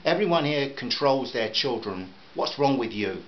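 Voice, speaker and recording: A man's voice: medium pitch, expressive, normal speed, dull audio, a little hiss or hum, lightly acted. A man voicing an angry, indignant mother who snaps and raises her voice. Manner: snapping, raised voice.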